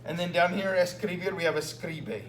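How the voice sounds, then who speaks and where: Speaking at normal speed with a high pitch and lively intonation, a man reviews a written exam with his Spanish students. He repeats his patient explanations and keeps checking in with "okay?" The recorded lesson carries room echo and a faint hum.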